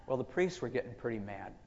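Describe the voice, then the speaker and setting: A man's voice: mid-range voice, a little mellow, big-room sound, muffled recording. A male pastor telling a story in a sermon, folksy and conversational.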